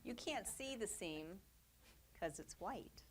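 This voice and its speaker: Slow but animated, this woman's medium-pitched voice leads a casual quilting demonstration in a studio. She's chatty and upbeat, sprinkling in fillers and small laughs.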